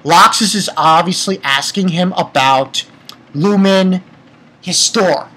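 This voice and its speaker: A man's voice: sits high, slow pace, sharp tone, husky, rough recording. A man giving a casual, rambling chapter review, retelling scenes and swearing offhandedly. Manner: reads character lines aloud in summary. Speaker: manga reviewer.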